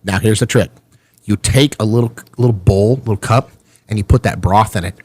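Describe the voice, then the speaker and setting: Lively Texan man spinning stories. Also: on the low side, a little fast, husky, no echo. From Texas. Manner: animated storyteller, acts out quoted voices. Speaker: podcast host. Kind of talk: casual chat.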